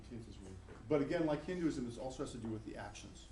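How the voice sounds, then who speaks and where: A middle-aged man lecturing a college class in a conversational way, repeating himself and acting out quick voices. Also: medium pitch, animated. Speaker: professor. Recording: echoey classroom with faint noise.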